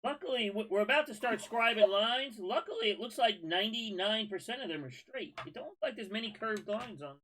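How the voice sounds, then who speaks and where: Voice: mid-range voice, lively intonation, a little fast, hardly any pauses, fairly bright tone. Drawling builder, noisy mic. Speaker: model builder. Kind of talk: casual chat while building.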